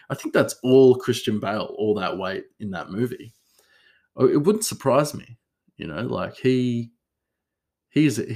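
Man, low voice, casual solo podcast talk, rambling, lots of fillers and restarts. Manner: rambling, full of fillers and self-corrections. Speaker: podcast host.

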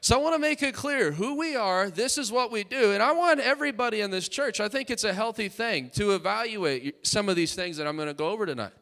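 A man's voice: high voice, lively intonation, fairly quick, hardly any pauses, a bit bright. A male pastor preaching a fervent, emphatic sermon in church, calling out to his congregation.

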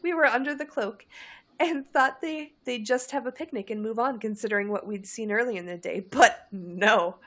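A blunt teenage witch telling an embarrassing tale in a candid, exasperated way, as a woman reads her. The voice is bright and forceful and sits slightly high. It feels like a storybook reading. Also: moderate pace.

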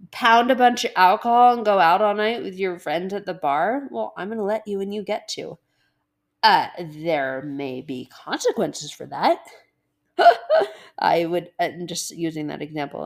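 A woman speaking casually about faith, animated, acting out little inner voices and laughing often. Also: medium pitch, creaky. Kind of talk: casual devotional talk.

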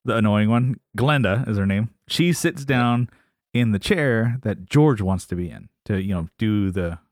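Brief: male podcast co-host, low voice, dry close mic, animated sitcom recap with quoted voices. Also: unhurried, dry recording. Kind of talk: casual chat recapping a sitcom episode.

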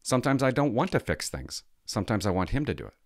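A man's voice: lowish voice, sing-song, fast talker, dry recording, studio quality. A father in his thirties casually telling a story and ranting, with rhetorical questions and some swearing. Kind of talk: casual chat.

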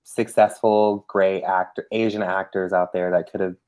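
A woman's voice: rumbling low, flat delivery, normal speed, mellow. A young woman co-hosting a podcast in casual chat, hesitant and opinionated, filling with "like". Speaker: podcast co-host.

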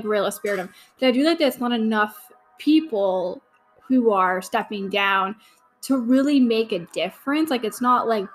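A woman's voice: mid-range voice, a little hiss or hum, rough recording. A young woman hosting a podcast, chatting casually through a watch-along commentary, gushing and full of fillers. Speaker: podcast host.

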